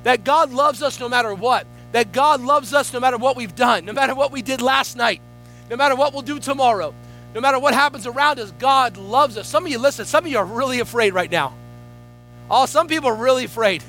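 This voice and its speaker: A man's voice: very high-pitched, brisk, pushed and bright, soft background music, poor audio. A man preaching a sermon as a guest pastor, fervent, with rising call-outs to the church.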